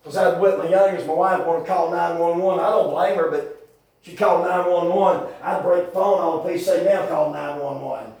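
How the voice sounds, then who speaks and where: Pengkhotbah pria beraksen Selatan AS, bergema. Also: male voice, high-pitched, steady tone, brisk. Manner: folksy, rambling, sudden shouted bursts. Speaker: preacher. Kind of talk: folksy sermon. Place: church hall. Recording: very echoey church from far off.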